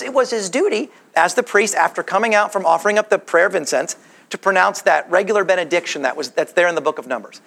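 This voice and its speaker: A man's voice: sits high, vocal fry, fairly bright tone. A male preacher giving a sermon in a conversational teaching manner, asking rhetorical questions.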